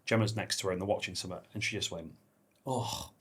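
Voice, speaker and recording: A man hosting a podcast, chatting casually, swearing freely and telling stories with lively impressions of the people in them. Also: low voice, very fast, breathy edge. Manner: animated storyteller, swears freely, acts out quotes. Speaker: podcast host. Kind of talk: casual chat.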